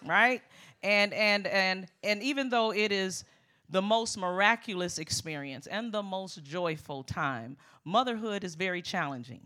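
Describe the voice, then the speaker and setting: Middle-aged woman preaching, bright tense voice, lively and emphatic, keeps calling out to the church. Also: medium pitch, a little slow. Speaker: guest preacher. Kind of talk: sermon.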